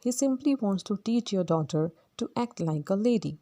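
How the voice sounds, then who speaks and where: A woman reading the part of a genial gentleman army captain, who speaks in a measured, reassuring way. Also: medium pitch, animated, no room sound, natural voice.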